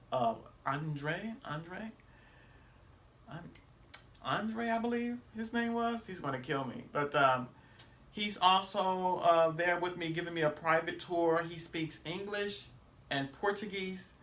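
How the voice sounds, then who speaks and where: A man's voice: on the high side, fairly bright tone. A man vlogging on a trip, talking casually to camera in a rambling way, full of fillers and self-corrections. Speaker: travel vlogger. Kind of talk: casual vlog talk to camera.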